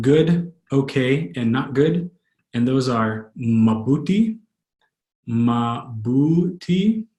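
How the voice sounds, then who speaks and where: Man slowly teaching phrases, roomy echo. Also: medium pitch, a little mellow. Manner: slow, deliberate repetition of phrases. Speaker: language tutor. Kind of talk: recorded language lesson.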